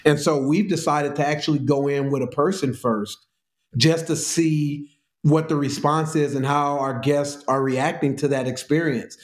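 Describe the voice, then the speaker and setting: A man's voice: on the high side, steady tone, normal speed. A man with a Southern US accent speaking as an interview guest, friendly and laughing as he tells anecdotes. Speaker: restaurant executive guest. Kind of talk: casual interview chat. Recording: roomy echo.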